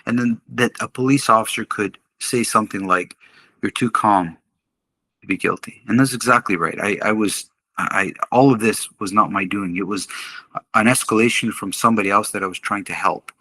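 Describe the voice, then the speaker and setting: Bright, husky-voiced man telling a story. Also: on the low side, fairly quick, dry recording. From Canada. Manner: animated storyteller who laughs often and acts out quotes. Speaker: podcast guest, martial arts instructor. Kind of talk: casual storytelling in an interview.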